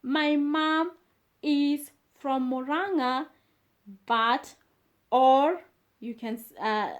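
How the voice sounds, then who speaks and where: A woman gives a beginner language lesson in a high voice. She speaks very slowly, saying each phrase several times with many pauses and fillers in between. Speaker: language teacher.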